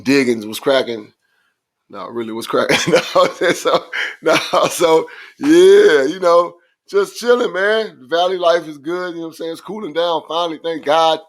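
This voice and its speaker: A man co-hosting a casual sports podcast, his voice hoarse and raspy from shouting, talking laid-back and filling gaps with "you know what I'm saying". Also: fairly high pitch, moderate pace. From Phoenix area. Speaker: podcast co-host.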